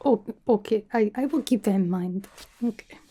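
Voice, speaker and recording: A woman's voice: medium pitch, normal speed, natural voice. A woman doing Yelena, a teasing spy in whispered role-play. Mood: playful teasing. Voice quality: soft, half-whispered, rambling. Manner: teasing, chatty, self-absorbed, drops articles. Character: brash, teasing female spy interviewing a recruit. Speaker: ASMR creator.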